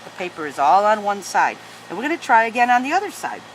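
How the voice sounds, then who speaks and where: A woman's voice: mid-range voice, big pitch swings, fast, a little hiss or hum, poor audio. A woman teaching a paper-folding tutorial at home, guiding each fold patiently and step by step. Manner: patient step-by-step instruction, chats to her dogs. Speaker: origami teacher. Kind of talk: hands-on craft tutorial.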